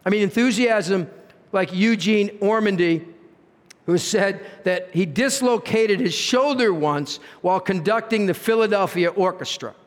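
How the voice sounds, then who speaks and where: A man's voice: high-pitched, unhurried. A man preaching a sermon as pastor, earnest, with rhetorical questions and swings in emphasis. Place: church sanctuary. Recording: reverberant church hall.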